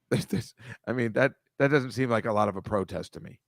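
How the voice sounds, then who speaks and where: A man hosts a loose chat over a video call, talking through slides in a rambling, wry way. He mocks what he shows and swears freely. His voice is mid-pitched and the sound is dry, with no room echo. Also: moderate pace, creaky. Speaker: host.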